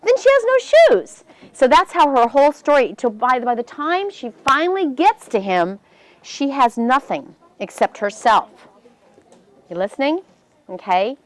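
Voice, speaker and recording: A woman telling a fairy tale to children, animated and voicing the characters as she goes. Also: unhurried, dry recording. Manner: animated, voices the characters with big pitch jumps. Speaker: storyteller.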